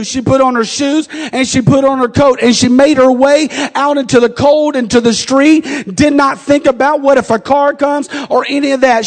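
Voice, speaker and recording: A middle-aged man preaching a sermon, moving between quiet storytelling and shouted exhortation. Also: very high voice. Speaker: pastor. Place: church sanctuary. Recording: long church reverb.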